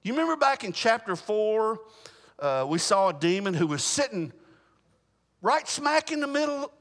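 A man's voice: sits high, normal speed, long reverb tail. Baptist preacher guy mid-sermon, voice swoops all over, keeps asking if you're with him. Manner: animated, repeats and restarts words, asks the congregation questions.

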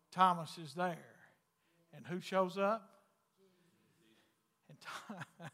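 A pastor preaches a sermon in a long, ringing hall, his voice high for a man, bright and forceful. In a folksy manner, he shifts from loud calls to hushed, intimate lines.

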